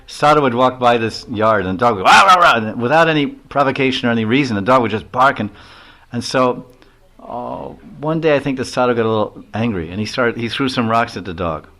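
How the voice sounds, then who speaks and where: A man's voice: mid-range voice, brisk, fairly bright tone. An older man giving a devotional lecture as a monk, rambling through personal stories and chuckling at them. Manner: rambling, anecdotal, laughs at his own stories.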